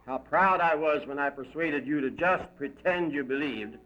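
A man's voice: on the high side, normal speed, fairly bright tone, lightly acted. A man voicing a gloating male demon who mocks and taunts a damned soul. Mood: mocking. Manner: mocking, shrieking, cackling. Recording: dull lo-fi recording.

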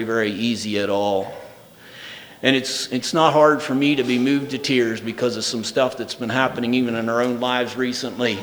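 A man preaching a sermon. He reads scripture aloud, then shifts between loud, emphatic proclamation and soft, intimate speech. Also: mid-range voice, slight background noise. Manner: reads scripture aloud in old-fashioned wording. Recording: reverberant hall.

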